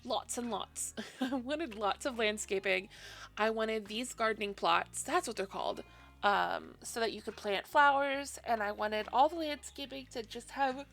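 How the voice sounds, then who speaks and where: A woman's voice: on the high side, unhurried, creaky, a bit bright. A woman casually narrating a game build in a chatty, self-deprecating voice-over, sleepy and yawning, laughing often.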